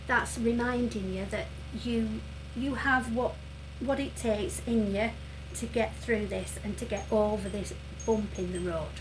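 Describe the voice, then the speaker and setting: A woman giving a tarot reading who speaks gently and earnestly, with many pauses and fillers, and who sounds emotional and close to tears. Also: on the high side, steady tone, background noise. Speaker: tarot reader. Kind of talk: reassuring tarot reading to viewers.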